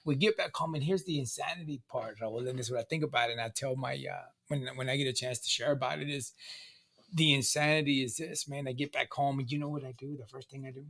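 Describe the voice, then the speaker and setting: A man's voice: medium pitch, steady tone, quick pace, fairly bright tone. A middle-aged man casually telling a long personal story, profane and emphatic, looping back with restarts and fillers. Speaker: guest sharing his recovery story.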